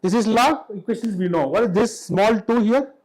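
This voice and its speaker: High-voiced Indian English lecturer. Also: male voice, rough recording. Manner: asks the class frequent quick questions. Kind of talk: classroom lecture. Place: college lecture hall.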